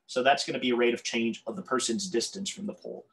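A man's voice: mid-range voice, steady tone, fast talker. Tongue-tied male calculus teacher. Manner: tongue-tied, self-correcting, apologetic asides. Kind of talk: whiteboard math lesson.

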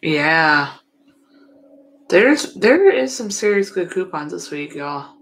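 A young woman talks casually to her livestream audience. Her voice sits a little low, and she sounds drowsy, yawning and laughing softly as she goes. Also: sing-song, slow. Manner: sleepy, yawning, chatty with viewers. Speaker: livestream host.

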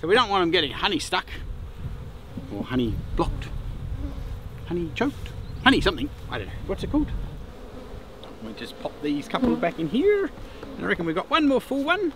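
A man's voice: high voice, huge pitch swings, a little fast, pauses often. Chatty Australian man over buzzing bees. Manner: chatty, chuckling asides. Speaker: beekeeper vlogger. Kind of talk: casual hands-on commentary while working. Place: outdoors at beehives. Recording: outdoor camera mic, noticeable ambient noise. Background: buzzing bees and insects.

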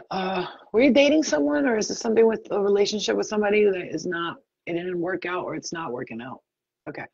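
A woman psychic medium giving a live online reading over a video call, talking in a rapid, chatty and blunt way and swearing freely. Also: mid-range voice, animated, creaky, a little mellow, breathy edge, no echo, muffled recording.

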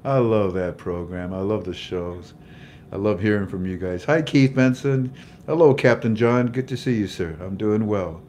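This is a casual faith-based livestream chat and prayer led by an older male host, who jovially calls out viewers by name and laughs at his own jokes. His voice sits on the low side, darkish in tone, at a normal speed. A little hiss or hum runs underneath.

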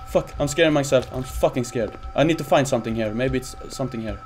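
A man playing a horror game on his channel, panicking, swearing and talking to himself, jumping into high yelps when scared. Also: quick pace, hardly any pauses, a little mellow, faint music behind. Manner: jumps to high-pitched yelps when startled. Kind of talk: let's-play commentary.

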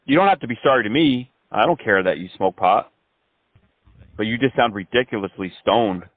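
A man's voice: lowish voice, expressive, normal speed, no echo. A man making a prank phone call, sarcastic and mocking as he talks. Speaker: prank caller. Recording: tinny phone line.

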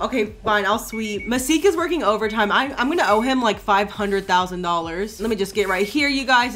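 A young woman streaming a game, commenting excitedly, swearing freely and talking to her viewers. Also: medium pitch, brisk, few pauses. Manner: excitable, profane, talks to the chat. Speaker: gaming streamer. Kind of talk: casual gameplay commentary.

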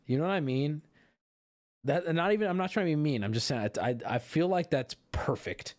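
Man riffing in lively, crude stream commentary. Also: a little high, a little fast. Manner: joking, blunt, rambling with crude asides. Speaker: streamer reacting to a dating show. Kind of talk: casual live-stream commentary.

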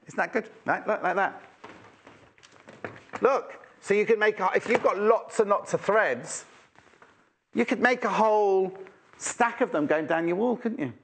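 A man's voice: high-pitched, unhurried, pauses often, fairly bright tone, slight background noise. A man presenting a live shopping channel in a chatty, teasing way, full of exclamations.

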